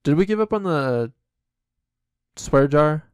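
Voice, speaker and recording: A man's voice: a little high, expressive, takes it slowly, clean tone, dry recording, studio quality. A man co-hosting a podcast in casual comedic chat, joking and riffing playfully. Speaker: podcast co-host.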